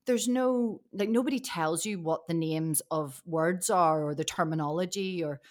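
A woman actress chatting as a podcast guest, telling animated stories and laughing often. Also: lowish voice, moderate pace. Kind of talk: casual chat.

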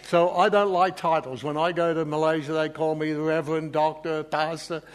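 A man's voice: on the high side, steady tone, moderate pace. A man preaching a sermon to a live congregation, informal and emotional, with frequent fillers and self-deprecating asides.

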